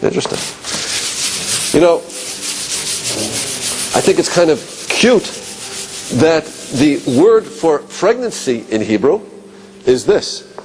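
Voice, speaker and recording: A man teaching a class, asking rhetorical questions and musing aloud, dropping low and quiet on key points. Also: sing-song, slow pace, long pauses, slight background noise. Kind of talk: classroom lecture.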